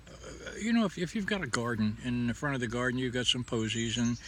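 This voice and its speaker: A man's voice: mid-range voice, fast talker, fairly bright tone, a little hiss or hum. A middle-aged man giving a casual, folksy devotional talk, rambling and stammering through restarts. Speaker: host. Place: outdoors under a tree.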